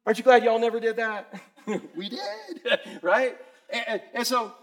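A man preaching a sermon in a conversational way, quizzing the congregation and swinging between loud and soft. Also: extremely high pitch, steady tone, normal speed. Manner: asks the congregation questions. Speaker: pastor.

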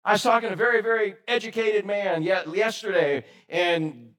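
A man preaching a sermon, lively and animated, questioning his congregation. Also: high-pitched, moderate pace. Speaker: pastor.

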